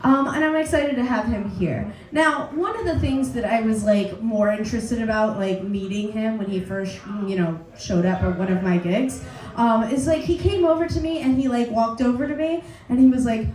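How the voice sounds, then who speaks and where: A woman hosting a comedy night, telling an animated story full of laughs and swearing before introducing the next comic. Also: a little high, normal speed, roomy sound, rough recording. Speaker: comedy show host. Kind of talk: stand-up host introduction. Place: pub comedy stage.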